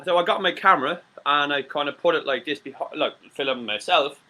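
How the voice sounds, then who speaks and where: A man's voice: on the high side, fairly quick, sharp tone. An Irish man from Ireland chatting on a live-stream talk show, rambling and swearing, with many stammered restarts. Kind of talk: casual live-stream chat.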